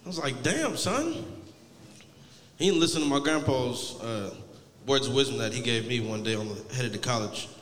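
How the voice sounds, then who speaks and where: A man's voice: medium pitch, fairly even intonation, brisk, hardly any pauses, fairly bright tone, in a large hall, a little hiss or hum. Rambling, profane young male stand-up comic. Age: 20s. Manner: laid-back, rambling, heavily profane. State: high. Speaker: stand-up comedian. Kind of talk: stand-up comedy set.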